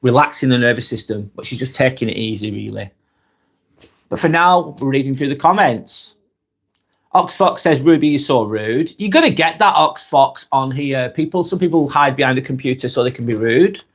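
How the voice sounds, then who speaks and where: Hosting a relaxed live stream, this North West England man speaks with a Lancashire accent at a medium pitch. He takes his time reading out viewer comments and responding casually, often saying um and starting over.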